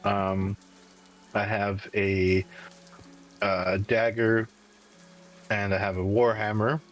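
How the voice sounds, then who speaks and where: A man playing a tabletop game, hesitant and halting, clearing his throat. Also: fairly low pitch, little pitch movement, rough recording. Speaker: player.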